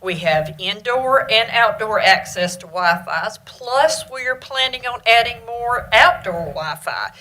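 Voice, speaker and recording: A woman's voice: fairly high pitch, expressive, unhurried, few pauses, pushed and bright, poor audio. A woman speaking to county commissioners about library services, enthusiastic and community-minded. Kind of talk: presentation to county board. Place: meeting room.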